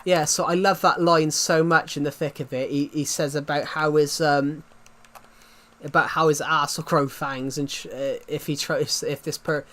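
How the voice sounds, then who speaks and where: Rambling streamer, fairly high voice. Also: male voice, fairly even intonation, moderate pace, fairly bright tone. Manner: rambling, restarts and stumbles often. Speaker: livestreamer. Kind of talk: casual stream chat.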